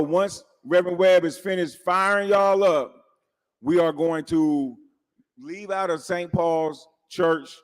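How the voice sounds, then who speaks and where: A man giving a young crowd casual, upbeat march instructions. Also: a little high. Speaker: event organizer. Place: large church hall. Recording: echoey church hall.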